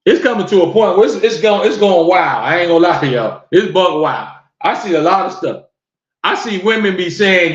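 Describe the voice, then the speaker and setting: A man's voice: sits high, animated, normal speed. A man hosting a podcast, ranting on a live stream to his viewers and firing off rhetorical questions in disbelief. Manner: incredulous, fires off rhetorical questions. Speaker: podcast host. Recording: roomy, dull lo-fi sound.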